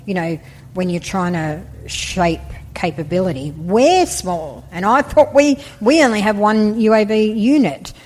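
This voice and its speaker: An Australian woman in her forties, an army veteran, telling stories in a casual, animated way during an interview. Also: mid-range voice, measured pace. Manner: chatty, animated storyteller, laughs easily. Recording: roomy with long reverb.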